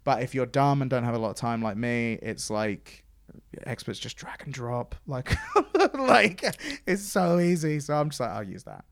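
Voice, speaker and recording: A man telling convention stories in casual chat, acting out quoted lines in a higher voice. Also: expressive, a little slow, dry recording. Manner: chatty storyteller, acts out quotes in a higher voice. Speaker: podcast host and stage host.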